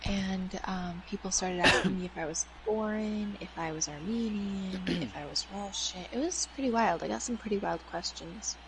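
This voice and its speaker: A woman's voice: mid-range voice, normal speed, hardly any pauses, background noise. A woman in her early twenties, chatting bluntly and swearing freely while playing a video game. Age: early 20s.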